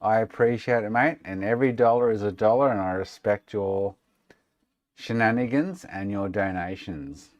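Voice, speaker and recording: A man's voice: on the low side, normal speed, no room sound, muffled recording. An Australian man chatting casually and sarcastically with viewers on a live stream, swearing freely. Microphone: desk microphone.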